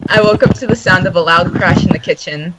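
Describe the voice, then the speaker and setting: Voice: medium pitch, brisk. A young narrator reading a fan story aloud to friends, giggling and stumbling over words. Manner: giggly, stumbles and corrects itself while reading. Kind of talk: casual group reading on a voice call. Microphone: voice call mic. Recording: very noisy voice call audio.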